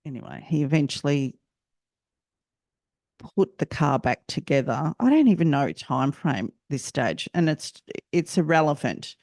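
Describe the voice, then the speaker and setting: An Australian woman hosting a personal storytelling podcast, speaking reflectively and haltingly and often repeating herself. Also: low-pitched, sing-song, darkish tone, no echo, clean studio sound. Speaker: podcast host.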